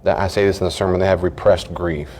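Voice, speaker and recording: A middle-aged pastor with a very low voice teaches in a relaxed, conversational way. He tells earnest stories and briefly acts out what other people said. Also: quick pace. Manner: earnest storytelling, acts out short quoted lines.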